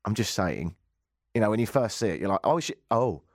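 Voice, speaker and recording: A man's voice: fairly low pitch, lively intonation, fast talker, a little mellow, no room sound, clean studio sound. A man hosting a radio show, giving casual commentary with wry, rambling jokes and asides. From England. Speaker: radio host.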